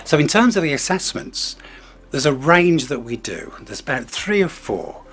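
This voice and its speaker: A man's voice: on the high side, very animated, moderate pace, fairly bright tone, faint music behind. A male language support teacher explaining assessments in a matter-of-fact way. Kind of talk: interview about teaching.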